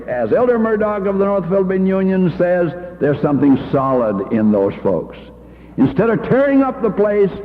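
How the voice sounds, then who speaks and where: An older man spins homespun anecdotes in a gravelly, fairly high voice. The old reel-to-reel tape sounds thin and phone-like, with a long hall echo behind him. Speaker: church education leader. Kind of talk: folksy storytelling talk.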